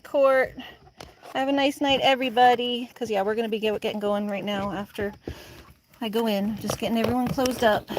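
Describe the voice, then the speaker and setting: A chatty woman who laughs often, coaxing her chickens into their coop outdoors while talking casually. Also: mid-range voice. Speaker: backyard chicken keeper vlogger. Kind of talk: casual chat while doing chores. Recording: noisy outdoor recording with chickens. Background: clucking chickens and outdoor noise.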